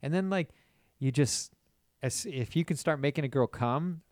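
A man's voice: a little high, moderate pace, a little mellow, no echo. Brief: male host, crude and blunt, coaching others, mid-range voice, dry close recording. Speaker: podcast host. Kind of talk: casual explicit chat.

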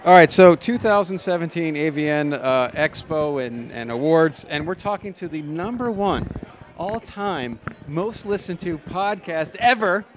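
A man's voice: fairly high pitch, animated, unhurried, a little hiss or hum. A man hosting a podcast at an expo, chatting and joking loosely with guests and often restarting his sentences. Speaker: podcast host interviewing at an expo. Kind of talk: casual interview chat.

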